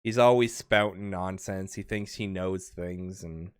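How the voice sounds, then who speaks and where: A man voicing a weary, stern but kind woman innkeeper in a tabletop game, speaking in a tired, halting way. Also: deep voice, steady tone, clean tone, dry recording, studio quality.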